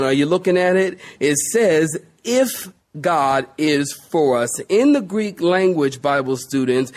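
A man preaching a sermon as pastor, addressing listeners as saints, drawing out key words with dramatic pauses and speeding up through long lists. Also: high-pitched. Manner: acts out quoted exclamations with rising energy.

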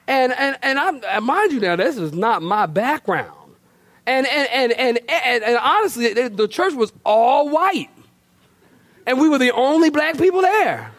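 A middle-aged male pastor preaching a storytelling sermon, animated and colloquial, with laughing asides and repeated words. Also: very high voice, no echo. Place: church.

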